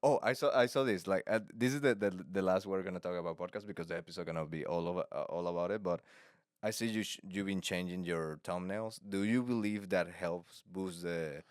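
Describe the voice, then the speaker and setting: A man's voice: low voice, a little fast, smooth, no echo, studio quality. A young man from Venezuela, hosting a casual podcast chat, laughing often and stammering over his words. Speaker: podcast host.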